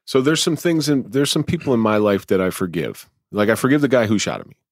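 A man's voice: lowish voice, sing-song, quick pace, dry recording. A man hosting a podcast interview, talking reflectively and thinking aloud, a former police officer. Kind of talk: interview conversation.

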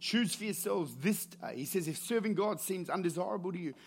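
High-voiced pastor preaching. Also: male voice, brisk, gravelly, slight background noise. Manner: energetic preaching, builds to shouts then drops low and quiet. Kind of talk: sermon.

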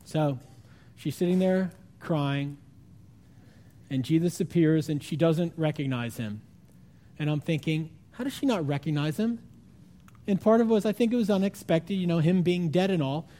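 A man preaching a sermon, retelling a story with animated, acted-out voices and sudden drops to a hushed tone. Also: fairly high pitch, moderate pace. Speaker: pastor.

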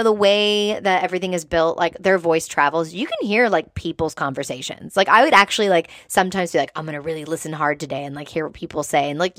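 A woman host telling a casual, animated story to her viewers, talking chattily and saying "like" often. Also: fairly low pitch, no echo, studio quality. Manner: chatty and animated, heavy use of "like". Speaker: host recounting past work as a theme-park performer.

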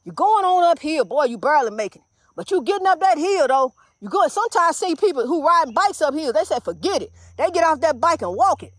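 High-voiced older woman minister preaching. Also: lively intonation, fast, no room sound, studio quality. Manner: fervent, repetitive, calls listeners honey. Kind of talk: inspirational preaching monologue.

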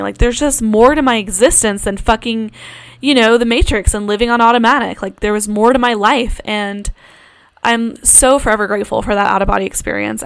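A woman's voice: mid-range voice, creaky. A young woman hosting a podcast, telling a personal story in a casual monologue, full of fillers and swearing. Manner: frequent fillers, swears freely, animated retelling. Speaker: podcast host.

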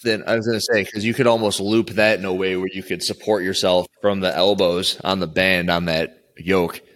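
A man's voice: low voice, little pitch movement, moderate pace, fairly bright tone. A man coaching and interviewing an athlete in a casual chat, rambling and restarting his sentences often.

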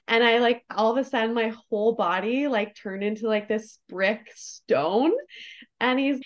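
A woman's voice: a little high, expressive, unhurried. A woman podcast guest telling a personal story in a candid, effusive way, full of "like" fillers. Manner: effusive, emotionally open, many "like" fillers. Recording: dull lo-fi recording.

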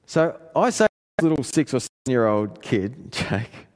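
A man preaching a sermon, telling a family story in an earnest way and rising in pitch when he presses a point. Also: big pitch swings, moderate pace. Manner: earnest storytelling, pitch climbing in emphatic passages. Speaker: pastor. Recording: long hall reverb.

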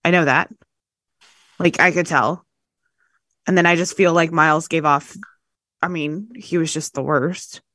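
A woman's voice: low-pitched, steady tone, measured pace, long pauses, fairly bright tone, dry recording, studio quality. A woman co-hosting a casual podcast, blunt and playful, swearing freely. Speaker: podcast co-host. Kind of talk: casual chat.

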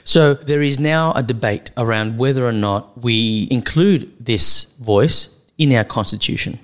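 A man's voice: medium pitch, a little slow, a bit bright, clear, resonant tone. A man with an Australian accent co-hosting a casual podcast, musing aloud and restarting his sentences as he thinks. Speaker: podcast co-host.

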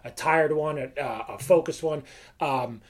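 Relaxed, slightly high-voiced male trainer. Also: unhurried. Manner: relaxed, conversational, with filler words. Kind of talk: casual podcast talk.

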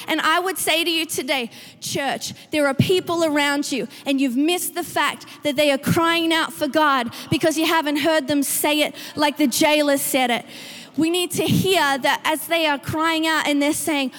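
High-voiced woman preaching in a reverberant church. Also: fairly even intonation, moderate pace, fairly bright tone. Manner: preaching with rising emphatic outbursts. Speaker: pastor. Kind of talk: sermon. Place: church sanctuary. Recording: long reverb with faint music.

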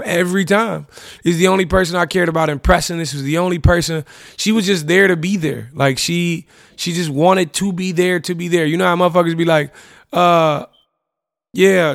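Reflecting on a past relationship, a young man on his podcast speaks casually and candidly, leaning on slang and "you know what I'm saying." His voice is a little high with vocal fry, recorded cleanly in a studio with no echo.

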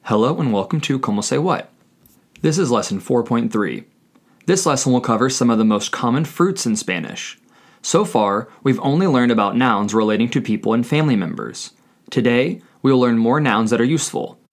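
A man teaching a scripted language lesson, speaking deliberately and spelling words out letter by letter. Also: medium pitch, lively intonation.

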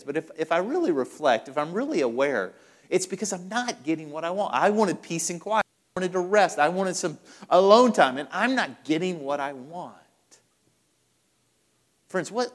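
A man delivers a sermon as a pastor, leaning on repeated phrases to drive each point home. His voice sits somewhat high for a man. It carries with the long reverb of a large church hall. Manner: emphatic preaching with repeated phrases.

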